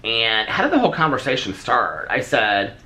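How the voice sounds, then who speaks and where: A man casually telling a story on his vlog, chatty and animated, acting out the dialogue as he goes. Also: medium pitch, normal speed. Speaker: vlogger.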